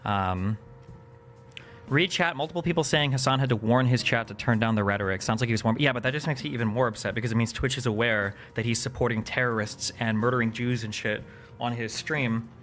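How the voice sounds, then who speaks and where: A man's voice: medium pitch, brisk, fairly bright tone. A young man ranting in live-stream commentary, heated and profane, with lots of fillers as he reads and reacts to chat. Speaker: political streamer.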